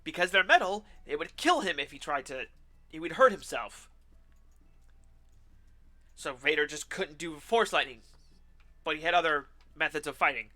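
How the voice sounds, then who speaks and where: A streamer man with a high voice and a piercing, very bright tone. He rants sarcastically and with animation while playing a game, swearing freely. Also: animated, moderate pace, long pauses. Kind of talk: ranting commentary while gaming.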